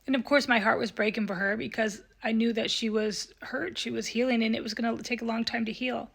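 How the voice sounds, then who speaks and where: Woman, psychic medium, vlog storytelling, earnest, tearful, soft whispers, gravelly, husky. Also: fairly high pitch, fairly even intonation, brisk, hardly any pauses.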